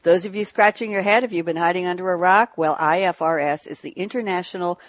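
A woman's voice: on the low side, quick pace, no echo. A woman hosting a panel show, introducing the topic and guests with chatty, jokey asides. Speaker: show host and moderator.

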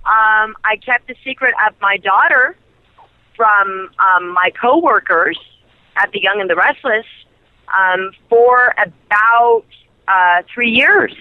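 A woman guest in a casual interview, an excitable storyteller who laughs and jumps high in pitch. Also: takes it slowly, dry recording, narrow, tinny audio. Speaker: interview guest, soap actress.

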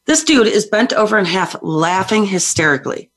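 Lively woman guest, mid-pitch, feisty storyteller who acts out scenes. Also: normal speed. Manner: lively, feisty, acts out voices in her stories. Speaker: psychic medium guest. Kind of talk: animated storytelling on a call-in show.

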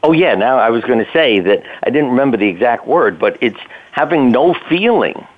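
An older male physician, appearing as an interview guest, tells plainspoken anecdotes in a casual, conversational storytelling style, cursing now and then. His mid-range voice is expressive and fairly quick, coming through a tinny phone line.

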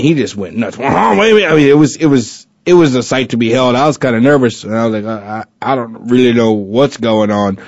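A man's voice: mid-range voice, darkish tone, no echo. A man hosting a casual chat show, rambling with lots of fillers and restarts, joking as he goes. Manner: chatty and joking. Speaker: podcast host. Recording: dull lo-fi recording.

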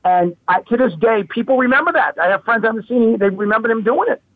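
A man in his fifties telling a childhood story as a guest, animated and repeating his words. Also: very high-pitched, fast, no echo. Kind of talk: casual storytelling. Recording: phone-like radio line.

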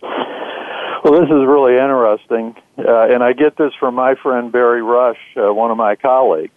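A man, an author being interviewed, answering in a measured way with frequent "uh" fillers. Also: mid-range voice, steady tone, dry recording. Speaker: author and guest. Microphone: phone. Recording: tinny dry phone line.

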